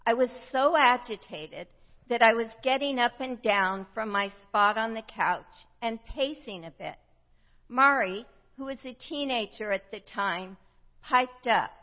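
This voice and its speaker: A woman in her fifties from the United States delivers a reflective sermon at an unhurried pace. Her voice sits mid-range for a woman. The recording is slightly muffled and carries a long reverb from a large church room. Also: medium pitch. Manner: reflective storytelling, slow and measured. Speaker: preacher. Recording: dull sound with long hall reverb.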